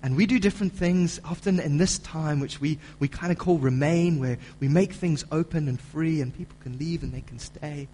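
A man preaching a sermon as pastor, building to loud, emphatic delivery when he reads scripture. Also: on the high side, normal speed, hardly any pauses, slight background noise, poor audio. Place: church auditorium.

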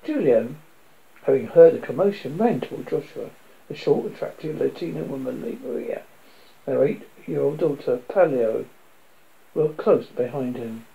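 A man narrating a dramatic story in a steady storytelling manner. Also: mid-range voice, normal speed, vocal fry, phone-quality sound. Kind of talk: scripted audiobook narration.

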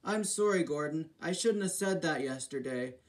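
A man's voice: fairly high pitch, expressive, normal speed, close to an everyday voice. A man voicing a teasing male steam engine who is the big brother in a homemade storybook reading. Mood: concerned.

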